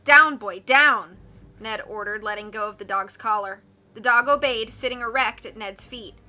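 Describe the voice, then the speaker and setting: A woman reading a mystery novel aloud with a steady, expressive delivery. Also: mid-range voice, moderate pace. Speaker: audiobook reader.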